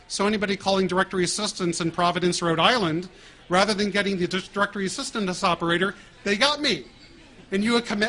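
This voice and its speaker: A middle-aged American man telling stories in a lively way, acting out prank calls and laughing along. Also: high-pitched. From United States. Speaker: guest speaker. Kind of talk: storytelling talk.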